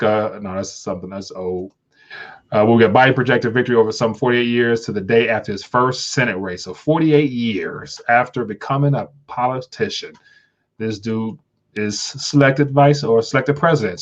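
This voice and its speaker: A man's voice: medium pitch, dull audio. A man hosting a casual livestream, talking in a rambling way with frequent restarts and stumbles. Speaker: livestream host.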